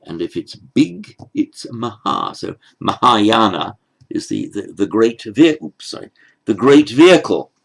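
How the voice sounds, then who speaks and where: A man teaching a lesson, explaining each word slowly and carefully, step by step, and stressing each foreign word as he says it. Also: on the low side, big pitch swings, gravelly. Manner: slow, careful, stepwise explaining; pronounces foreign words slowly with emphasis. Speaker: Sanskrit teacher. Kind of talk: lecture.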